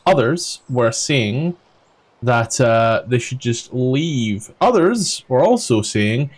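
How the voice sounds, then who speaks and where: A man's voice: mid-range voice, sing-song, slow. A man with a Scottish accent recapping a tabletop game as dungeon master, rambling with lots of ums and casual swearing.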